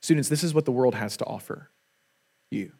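A man's voice: medium pitch, a little fast, creaky, mellow. A man preaching a sermon to a congregation, earnest and emphatic, often repeating words for weight. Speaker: pastor.

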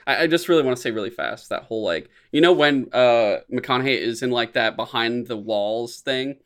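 Rambling, swearing young man on a podcast. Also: normal speed. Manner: rambling, animated, swears often, voice jumps high when quoting reactions. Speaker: podcast co-host. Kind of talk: casual chat.

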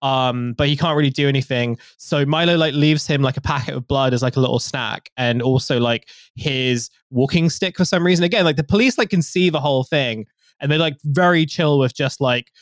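A man talks through a film's plot in a loose, rambling podcast chat, filling his sentences with "like" and "um". His voice sits at a middle pitch. The sound is dry and close, with no room around it. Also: fairly quick, no room sound. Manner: rambling, full of fillers and "like". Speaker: podcast co-host. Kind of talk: casual chat, recapping a film.

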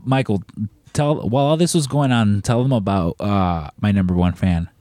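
A man hosting a podcast, rambling through a profane, animated story in casual chat, his voice a bit strained. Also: on the low side, normal speed, no room sound. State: strained, tired voice. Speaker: podcast host.

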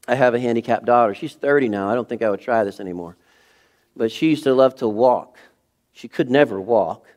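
Middle-aged man, pastor, animated storytelling sermon, mid-range voice. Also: medium pitch. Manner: animated storytelling, acting out scenes with sudden shifts in loudness. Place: church sanctuary.

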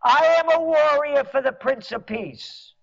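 Man, impassioned rant, sarcastic, gravelly voice, dull lo-fi sound. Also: extremely high pitch, unhurried, a bit bright. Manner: fiery, sarcastic, mocks officials in mimicking voices. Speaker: commentator. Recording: dull lo-fi recording.

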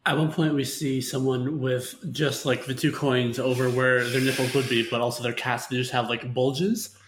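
A man's voice: mid-range voice, flat delivery, moderate pace. Man in an echoey, noisy room. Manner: loose, filler-heavy description. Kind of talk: casual chat.

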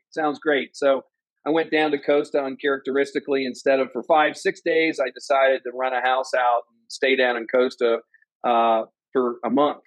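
A man in his fifties, a former company president, telling his personal story as an interview guest in an earnest, animated way. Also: no echo, low-quality recording. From Ohio, USA. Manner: earnest, animated storyteller who acts out quotes in a higher voice.

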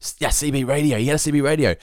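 A man's voice: on the high side, very fast, no room sound, studio quality. A man in his forties co-hosting a podcast, telling stories in a casual way with lots of laughing and swearing. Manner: laughing, swearing, animated storytelling. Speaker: podcast co-host. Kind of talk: casual chat.

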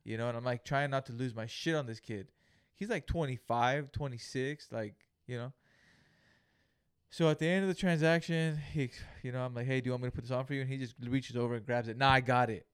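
A young man from California tells a story on a podcast with lots of swearing and plenty of life, voicing each person he talks about. His voice sits at an ordinary male pitch. The recording is close and dry, with no room sound. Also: brisk, clean tone, no room sound. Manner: animated, profane storytelling, acts out the people in the story. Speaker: podcast co-host. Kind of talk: casual storytelling chat.

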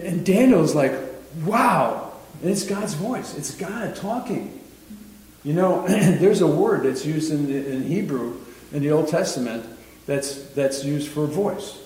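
Bible-class teacher, man, slightly high voice, loose chatty delivery, booming echo with faint hiss. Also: dark tone. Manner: chatty, rambling, chuckles often. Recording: very echoey room, faint noise.

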